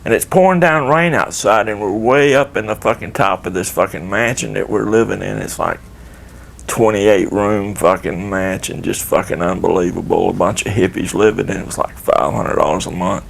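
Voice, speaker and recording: Older guy with a gravelly, fry-heavy voice, rambling and cussing through a story. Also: low voice, moderate pace, a little hiss or hum. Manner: rambling, profane, laid-back. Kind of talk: casual storytelling.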